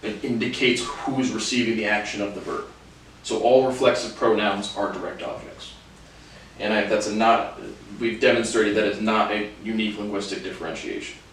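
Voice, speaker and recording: A man's voice: fairly low pitch, fairly even intonation, normal speed, a bit bright, a little hiss or hum. A man giving a casual video lesson on Spanish verbs, rambling and hesitant with many fillers. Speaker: language learner teaching Spanish verbs. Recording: very echoey room, mic at a distance.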